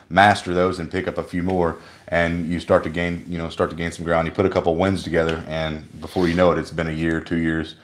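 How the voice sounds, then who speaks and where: A man chatting on a livestream with his partner, reflective and motivational, with many fillers. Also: deep voice. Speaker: co-host, partner. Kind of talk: casual live chat.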